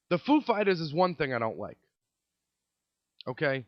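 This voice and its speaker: A man's voice: a little high, sing-song, normal speed, dry recording. A man hosting a comedy podcast, ranting sarcastically and repeating his points. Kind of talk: comedic rant. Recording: dry, dull lo-fi sound.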